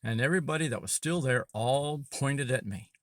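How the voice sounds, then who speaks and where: A man's voice: mid-range voice, moderate pace, a bit bright. A man from Arkansas, an Army veteran, telling a story casually and rambling, with many fillers and self-corrections.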